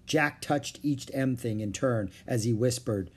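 A man reading a children's chapter book aloud, with expressive narration. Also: mid-range voice, measured pace, hardly any pauses, slightly rough. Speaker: storyteller.

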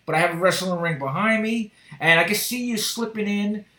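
A man hosting a podcast, telling stories in an animated, profane way. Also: high-pitched, fairly quick, roomy sound. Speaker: podcast host. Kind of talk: casual chat.

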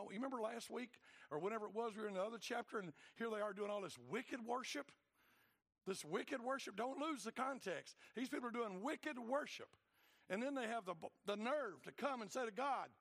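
A man preaching a sermon, swinging between loud, fired-up passages and low, quiet asides. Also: expressive, a little fast. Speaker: pastor.

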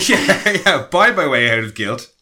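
A man's voice: on the high side, very animated, a little slow, sharp tone. A man co-hosting a podcast, summarizing the film and laughing often in casual chat. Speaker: podcast co-host.

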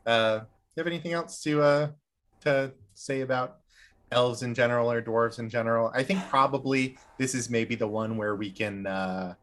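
A man co-hosting a podcast and chatting casually as a game master, halting with frequent restarts and filler words. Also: medium pitch, steady tone, fairly bright tone. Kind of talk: casual chat.

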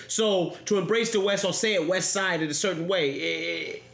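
A man hosting a casual interview, animated and joking, often laughing. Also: high voice, moderate pace, creaky. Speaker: podcast host. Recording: roomy echo.

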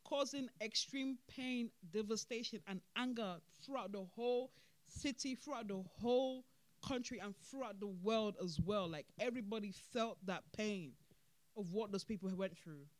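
A podcast host, talking through events in animated casual commentary, laughing and repeating points for emphasis. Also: medium pitch, normal speed, no echo.

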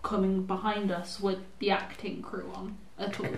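A woman's voice: mid-range voice, level tone, moderate pace, creaky. Player in casual chat, a questioning woman, echoey room, faint noise. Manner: inquisitive, asks many questions. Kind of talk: casual chat while playing a tabletop game.

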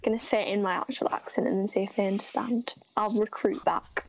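A woman's voice: mid-range voice, steady tone, fairly quick, slight background noise, rough recording. A teenage girl from Britain, a guest in a casual interview, chatty, saying "like" a lot and laughing easily. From Great Britain. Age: teens.

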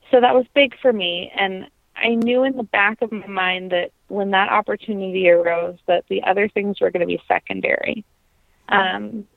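A woman's voice: medium pitch, creaky, dry recording. Earnest woman on a tinny line. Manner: earnest, reflective, frequent ums. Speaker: podcast guest, opera singer. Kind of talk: conversational interview.

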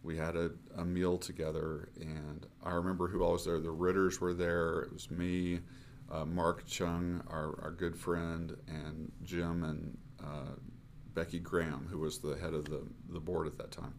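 Male missionary guest, 50s, deep voice, earnest halting storyteller. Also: flat delivery, a little hiss or hum. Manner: earnest, halting with fillers and restarts. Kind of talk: conversational storytelling.

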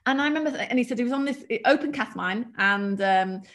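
A woman with a mild English accent, a guest telling work stories in a chatty, animated way. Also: fairly high pitch, quick pace. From England. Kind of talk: casual storytelling.

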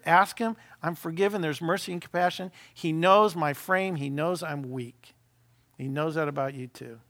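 Preaching in a lively, conversational style full of rhetorical questions, this middle-aged senior pastor has a voice that sits high.

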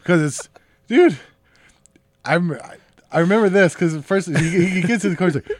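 A man's voice: high voice, animated, moderate pace, long pauses, dry recording. A man co-hosting a podcast, bantering in a wry, sarcastic, casual way. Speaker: podcast co-host. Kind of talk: casual chat.

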